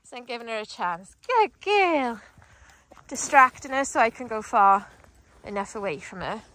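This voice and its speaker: A woman dog trainer demonstrating outdoors, explaining calmly between bursts of high, excited calls to her dogs. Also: brisk, a little hiss or hum. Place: outdoors on grass.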